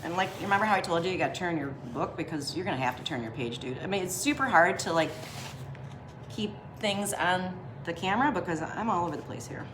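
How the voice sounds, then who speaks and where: A young woman talks through a drawing lesson while she sketches, chatty and full of slang. Her voice sits a little low for a woman. There is a faint hiss of noise under the recording. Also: lively intonation, quick pace, roomy sound. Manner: slangy and chatty, laughs often. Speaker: drawing teacher.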